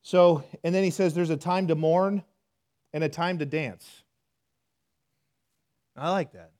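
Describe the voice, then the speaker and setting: A man preaching a sermon in a church, talking to the congregation conversationally, self-deprecating, swinging from hushed to loud. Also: fairly high pitch, a little slow. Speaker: pastor.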